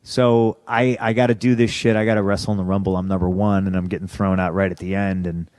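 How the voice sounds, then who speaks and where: A man in his thirties telling blunt, profane stories as a podcast guest, turning loud and animated when he recalls his anger. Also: low-pitched, fast talker, no echo. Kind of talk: candid storytelling in an interview.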